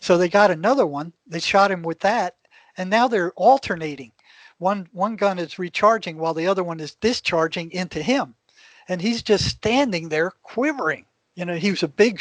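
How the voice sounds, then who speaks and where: High-voiced older man telling a story. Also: no room sound. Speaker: guest. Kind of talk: casual storytelling.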